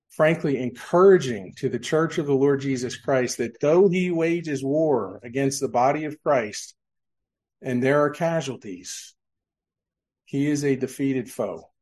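A man's voice: mid-range voice, darkish tone. Man preaching with rhetorical questions. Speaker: pastor. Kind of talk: sermon. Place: church sanctuary.

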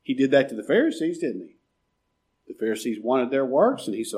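Husky-voiced preacher man, animated. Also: medium pitch, fairly quick. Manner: preaching with rhetorical questions and sudden drops to a near-murmur. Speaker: pastor. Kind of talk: sermon.

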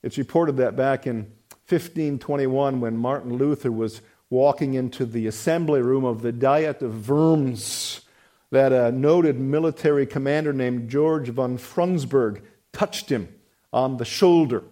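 A man preaching a sermon emphatically, swinging between loud, punchy words and hushed, drawn-out ones. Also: mid-range voice.

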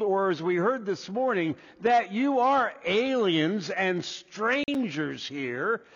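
A man preaching a sermon as pastor, deliberate and restarting his first words. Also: high-pitched. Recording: dull lo-fi echoey hall.

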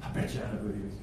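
A man preaching a sermon, swinging between shouted intensity and quiet, low asides. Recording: very echoey, distant from the mic, faint noise.

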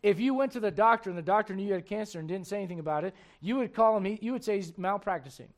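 A man's voice: high-pitched, racing. A man preaching a sermon in an emphatic, conversational way, full of rhetorical questions.

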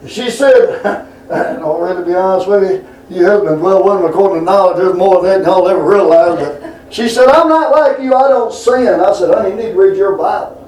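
A man's voice: high-pitched, brisk, darkish tone, far from the mic. A middle-aged man preaching a folksy sermon to a responsive congregation. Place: church sanctuary. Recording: echoey church room.

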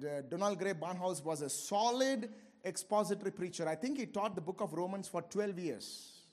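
A man preaching with a strikingly high voice. He moves between fervent, raised passages and quiet, low asides. He laughs now and then as he drives his points home. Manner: impassioned, swings between shouting and low asides, laughs often. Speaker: pastor. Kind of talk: sermon.

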